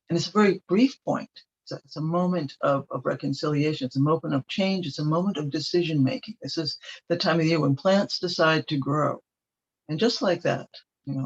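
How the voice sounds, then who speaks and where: A man's voice: a little high, creaky, slightly rough. A man telling a myth at a ceremonial storytelling event, meandering with ums and restarts. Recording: dull lo-fi recording.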